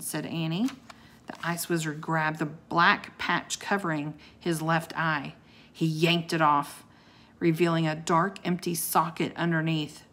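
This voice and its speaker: A woman reading a children's book aloud, expressive and giving each character a voice. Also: low voice, unhurried. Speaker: audiobook reader.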